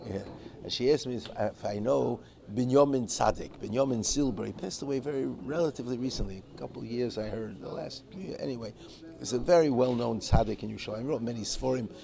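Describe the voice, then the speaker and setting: A man's voice: medium pitch, quick pace, warm tone. A man giving an informal religious class, telling stories in a digressive way with many restarts and Hebrew and Yiddish terms. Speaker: Torah teacher. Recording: clear background noise.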